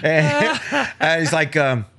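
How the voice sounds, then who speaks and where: A man's voice: on the high side, big pitch swings, slow pace, vocal fry, a bit bright. A man telling a funny story on a casual podcast, acting out the people in it, laughing often and swearing freely. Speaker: podcast co-host.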